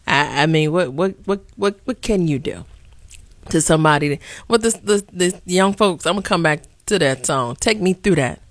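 A woman's voice: fairly low pitch, expressive, unhurried, dry recording. Fiery woman talk host. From Chicago. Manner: preachy, rising to sharp outbursts, repeats words. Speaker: radio talk show host. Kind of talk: impassioned talk radio commentary.

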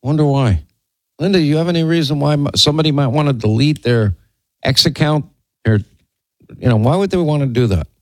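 A man hosting a political commentary show, talking in a sardonic, rambling way with quick asides. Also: fairly high pitch, no echo. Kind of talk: casual opinion commentary.

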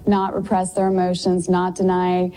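A woman's voice: lowish voice, monotone, normal speed, warm tone, slight background noise. A woman speaking earnestly and measuredly in a played clip, recorded in a reverberant hall. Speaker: public figure in a played clip.

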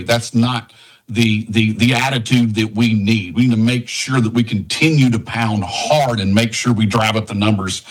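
A man's voice: on the low side, fairly even intonation, moderate pace. A man from Tennessee, a congressional candidate, speaking emphatically as a radio guest. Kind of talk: campaign interview on radio.

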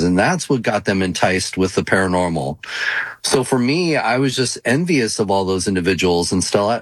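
A man with a lowish voice talking earnestly about his investigation work as an interview guest. The sound is close and dry, with no room echo. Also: husky. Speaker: paranormal investigator. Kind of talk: casual interview chat.

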